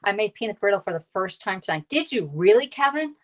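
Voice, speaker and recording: A Pennsylvania woman in her thirties, a cooking live-streamer and kitchen tools consultant, chats casually with viewers as she cooks, laughing often and greeting people by name. Her medium-pitched voice swings widely in pitch, and she talks fast with hardly any pauses.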